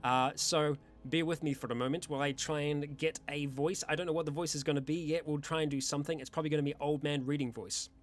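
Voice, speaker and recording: Man, channel host, slightly high voice, rambling casual Q&A, weak voice, faint music behind. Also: steady tone, fast talker, hardly any pauses. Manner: rambling, with many restarts and fillers, self-deprecating. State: voice having issues, weak. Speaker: YouTube roleplay channel host. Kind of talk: casual monthly community Q&A.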